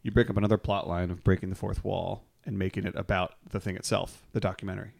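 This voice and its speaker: A man's voice: low-pitched, little pitch movement, fast talker, gravelly, a little mellow. A man co-hosting a podcast in casual chat, rambling and restarting his thoughts. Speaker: podcast co-host.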